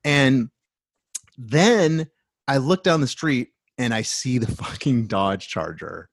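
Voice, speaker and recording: Profane, animated man telling a story. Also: mid-range voice, slow pace, creaky, dry recording, studio quality. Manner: animated, swearing, many restarts. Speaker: storyteller in a talk.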